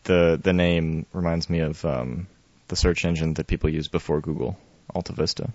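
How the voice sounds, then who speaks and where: A man's voice: a bass voice, fairly even intonation, moderate pace, a little mellow, no room sound. A man in casual podcast chat, laid-back, explaining gadgets with jokes and mild swearing. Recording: dry, dull lo-fi sound.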